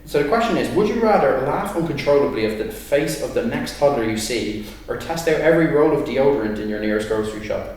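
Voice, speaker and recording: Recorded in an echoey room with a distant mic, this young podcast co-host talks fast with lively intonation and hardly any pauses. His mid-range voice is a little mellow. He rambles casually, filling the chat with fillers and laughs.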